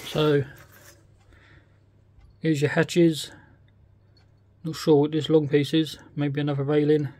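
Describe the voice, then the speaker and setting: A man's voice: on the high side, flat delivery, slow, pauses often, warm tone. A man with a British accent, casually talking through a model kit unboxing, often hesitant and thinking aloud. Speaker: scale model kit reviewer.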